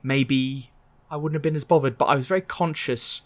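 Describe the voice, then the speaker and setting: A man's voice: medium pitch, steady tone, moderate pace. Hesitant man on a gaming podcast. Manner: hesitant, many restarts and fillers, frank. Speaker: podcast co-host. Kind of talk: casual gaming chat.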